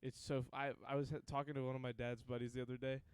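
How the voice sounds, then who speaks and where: Smooth, dry-voiced young man telling stories. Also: mid-range voice, level tone, very fast, no room sound. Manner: rambling, profane storytelling with frequent laughs. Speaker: podcast host. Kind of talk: casual chat.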